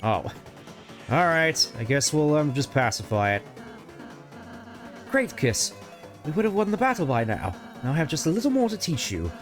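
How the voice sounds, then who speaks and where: A man voicing a gentle, shy young goat prince in a video game, speaking softly and politely with hesitant little ums. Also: on the high side, sing-song, normal speed, pauses often, soft background music. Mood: encouraging. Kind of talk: video game voice-over reading.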